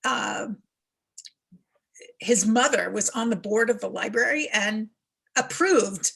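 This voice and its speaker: A woman's voice: on the high side, takes it slowly, creaky, fairly bright tone, breathy edge. A woman interviewing guests, hesitant and full of fillers.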